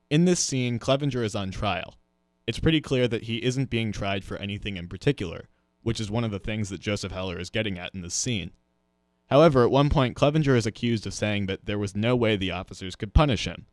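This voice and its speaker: A man teaching a literature lesson in a scripted narration, explaining clearly and speaking directly to students. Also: lowish voice, no echo, clean studio sound.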